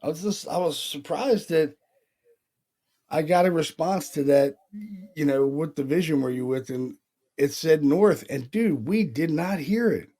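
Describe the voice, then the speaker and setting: This co-host of a paranormal podcast, a paranormal investigator from Pennsylvania, USA, has a fairly high, mellow voice and speaks unhurriedly. In casual chat he rambles through stories, acting out voices he heard and swearing without a second thought.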